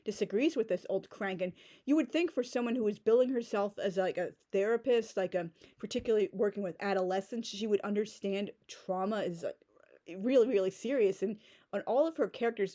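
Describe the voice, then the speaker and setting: Forties woman tearing into a book, sarcastic and fed up, mellow voice, mid pitch. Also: fairly quick. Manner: sarcastic, exasperated. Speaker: book reviewer. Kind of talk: ranting book critique.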